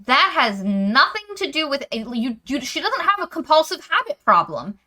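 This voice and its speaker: A woman's voice: high-pitched, big pitch swings, moderate pace, pushed and bright. A woman co-hosting a podcast, chatting casually and sarcastically as she roasts a novel, swearing freely. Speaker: podcast co-host. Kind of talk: casual book-roast chat.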